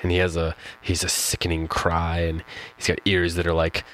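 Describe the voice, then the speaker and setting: This poetry podcast host has a low, slightly bright voice and a completely flat delivery at a moderate pace. He talks casually and with thought about a poem, using fillers and restarts, and reads it slowly; the audio is poor.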